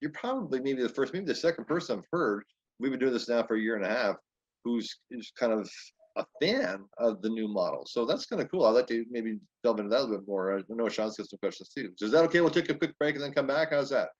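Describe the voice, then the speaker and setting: Fast-talking male podcast host. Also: medium pitch, lively intonation. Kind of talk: casual interview talk. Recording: dull lo-fi audio.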